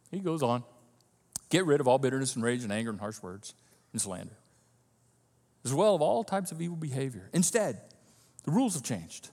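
Preaching in a church hall with a long reverb tail, this pastor has a mid-range voice and speaks fairly quickly, pausing often. He delivers his sermon animatedly, performing the imagined voices of the people listening.

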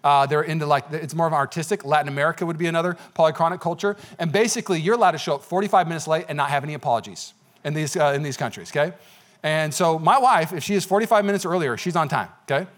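A man's voice: on the high side, rapid-fire. A man preaching a sermon as pastor in a church, talking conversationally with frequent "okay?" asides. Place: church sanctuary.

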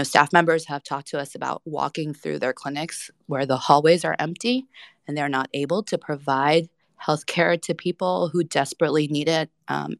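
Earnest gravelly woman lawyer. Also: low-pitched, no echo, studio quality. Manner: earnest, many fillers. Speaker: lawyer and litigator. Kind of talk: panel discussion.

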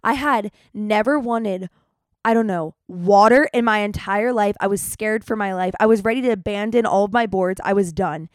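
A young woman hosting a podcast, telling stories in an animated, chatty way, with dramatic retellings. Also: mid-range voice, moderate pace, no room sound. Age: young adult. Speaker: podcast host. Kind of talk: casual storytelling monologue.

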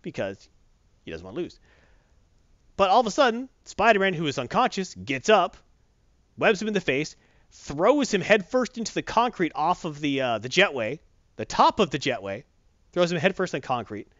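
A man casually recapping a comic book, animated and rambling, correcting himself as he goes. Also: fairly high pitch, normal speed, dry recording, lo-fi sound.

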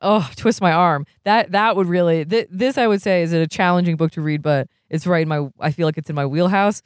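A podcast co-host reading novel passages in a measured, even way, now and then breaking into laughter at the odd phrasing. The voice sits at a middling pitch, and the recording is dry and close. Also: clean tone, dry recording. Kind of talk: reading a novel aloud and casual chat.

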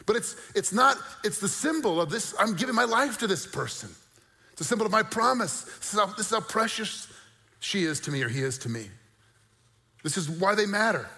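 A male pastor delivering an animated sermon, with bursts of mock disbelief and a conversational, joking aside. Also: sits high, fairly quick, long reverb tail. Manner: animated preaching with mock-incredulous outbursts.

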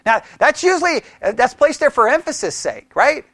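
A man leading a casual Bible study, thinking aloud with restarts and animated questions to the group. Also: very high voice, brisk, hardly any pauses.

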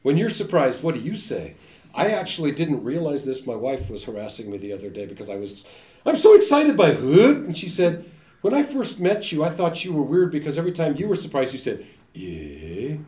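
A man giving a linguistics talk, animated and joking, often imitating sounds and voices. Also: fairly high pitch, a little fast. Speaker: linguistics lecturer. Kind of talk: academic talk. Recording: echoey room.

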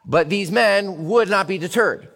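A male pastor delivers a storytelling sermon with dramatic swings from hushed to loud. His voice sits slightly high. A long hall reverb trails every phrase. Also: measured pace.

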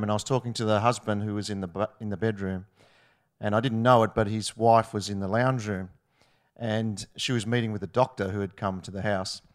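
A man's voice: lowish voice, clean tone. A middle-aged man from Australia, chatty, with many fillers and restarts, telling a storytelling testimony at a church meeting. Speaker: church member sharing a testimony.

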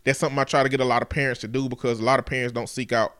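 A man's voice: medium pitch, level tone, rapid-fire, a bit bright, clear, resonant tone. A middle-aged man hosting a casual talk show, telling stories with profane, emphatic talk. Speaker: podcast host. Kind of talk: casual chat.

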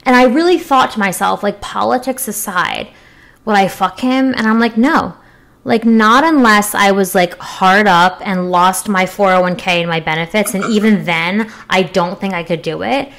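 A woman's voice: mid-range voice, normal speed, creaky, a bit bright. A young woman co-hosting a casual chat show, talking frankly with lots of fillers and jokes. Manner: chatty, filler-heavy, frank and joking.

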